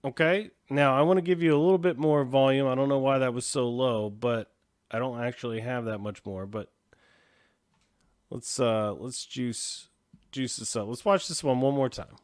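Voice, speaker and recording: A man's voice: medium pitch, moderate pace. A man hosting a show, casually reacting to video clips with profane, chatty commentary. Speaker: host.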